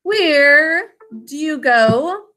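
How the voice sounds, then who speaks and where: A woman teacher giving a spelling and phonics lesson, stretching out words slowly as she sounds them out and praising her students. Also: high-pitched, expressive, background noise. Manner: slow, drawn-out sounding out of words.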